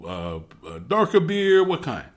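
A man's voice: fairly high pitch, huge pitch swings, unhurried, pitched above the performer's own voice. A man voicing a pushy, hospitable man who speaks broken English and repeats himself insistently. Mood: coaxing.

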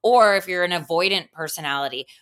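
A woman's voice: fairly low pitch, fast, fairly bright tone. A woman co-hosting a podcast, talking in a thoughtful, analytical way about relationships. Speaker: podcast co-host. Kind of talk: casual chat.

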